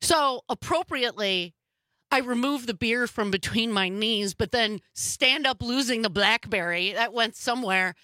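A woman hosting a talk radio show, chatting in an animated way and telling stories. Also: fairly high pitch, normal speed, no room sound, clean studio sound. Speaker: radio host.

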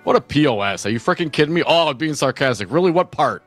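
A man's voice: a little high, expressive, fast talker, no echo, faint music behind. Blunt male talk radio host. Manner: blunt, exasperated banter.

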